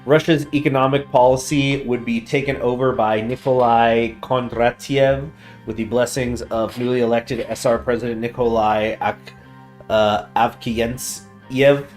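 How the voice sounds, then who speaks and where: A man's voice: medium pitch, fairly even intonation, measured pace. A man hosting a strategy game let's play, reading game text aloud in a chatty way and stumbling over foreign names. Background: faint guitar music.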